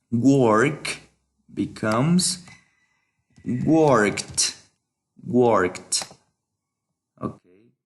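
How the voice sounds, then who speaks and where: A male English teacher whose first language is Spanish walks through a workbook lesson in a mid-range voice. He is slow and patient, repeating each word to model its pronunciation.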